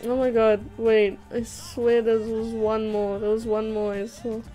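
A woman's voice: a little high, level tone, unhurried, mellow, low-quality recording. A young woman chatting casually on a livestream while drawing, reading chat aloud, giggling and swearing now and then. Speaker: streamer. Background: background music.

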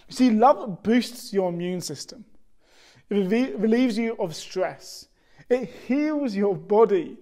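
A man's voice: sits high, darkish tone. A young man giving a short earnest sermon, telling stories and acting out quotes in playful voices. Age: young adult. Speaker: youth speaker.

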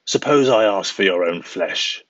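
A man's voice: deep voice, lively intonation, a little slow, fairly bright tone, no echo, dull audio. A man voicing a fierce, proud male eagle in a storybook tale, speaking in a mocking, demanding way.

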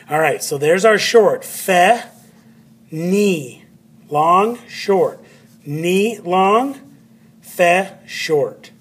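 Slow husky guy teaching phonics, spells words out letter by letter, drifts off mic sometimes. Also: on the high side. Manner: repeats words to stress syllables. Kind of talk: phonics lesson at a board.

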